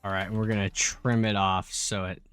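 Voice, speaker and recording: A man's voice: fairly low pitch, little pitch movement, normal speed, fairly bright tone, clear, resonant tone, faint music behind. A young man casually talking and swearing at his mistakes while building a spaceship in a game. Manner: swears freely, grumbles and exclaims at mistakes; rambling storytelling with filler words.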